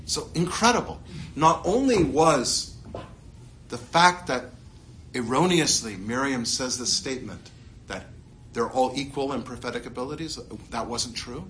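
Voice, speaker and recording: Man, Torah teacher, animated pitch swings, bright forceful tone, rhetorical questions, playful asides. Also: unhurried, slight background noise. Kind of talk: animated classroom Torah lesson.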